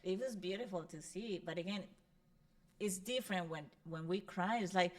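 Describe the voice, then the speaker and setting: A woman hosting a casual conversation, reflective and repeating phrases softly. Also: lowish voice, normal speed. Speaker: host.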